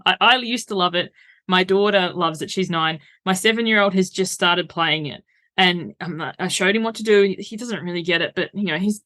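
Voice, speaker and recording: A woman's voice: medium pitch, a bit bright. A woman, a coach talking frankly as an interview guest and breaking into laughter as she tells stories. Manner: straight-talking, laughs while telling stories. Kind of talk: casual conversational interview.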